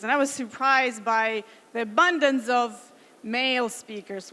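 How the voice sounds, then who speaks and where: Woman, thirties, conference speaker; earnest, filler-heavy English; a little high, long hall reverb. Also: sharp tone. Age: 30s. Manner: earnest, with frequent fillers and restarts. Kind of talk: conference talk.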